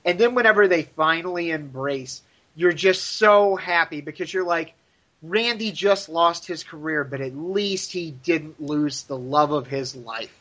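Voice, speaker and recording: A man co-hosting a podcast who gushes and swears freely as he talks. His voice sits a little high, and the recording sounds muffled and lo-fi. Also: a little slow, fairly bright tone. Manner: effusive, gushing, swears freely. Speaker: podcast co-host. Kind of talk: casual chat.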